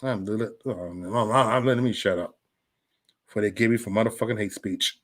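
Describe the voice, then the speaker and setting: A man ranting on a casual livestream, loud and profane, stammering and restarting, talking straight to viewers by name. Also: on the low side, fairly quick. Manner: chats directly with viewers by name. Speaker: livestream vlogger.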